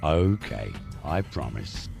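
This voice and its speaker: A weary, passive-aggressive male hero from an adventure game, very low-pitched and gravelly. He drawls slowly with dry politeness, while his pitch swings widely. Game music is clearly heard behind him. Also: big pitch swings, exaggerated voice.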